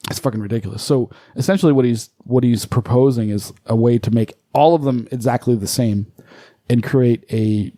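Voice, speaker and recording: A man co-hosting a casual podcast, swearing freely and rambling through his explanations. His voice is mellow and dark in tone at a middle pitch. The recording is dry and close. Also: moderate pace, no echo. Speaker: podcast co-host.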